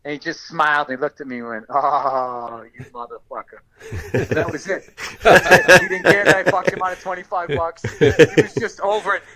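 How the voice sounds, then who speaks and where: A man co-hosting a podcast, telling an energetic anecdote full of swearing. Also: high voice, quick pace. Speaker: podcast host. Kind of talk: casual storytelling. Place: podcast studio.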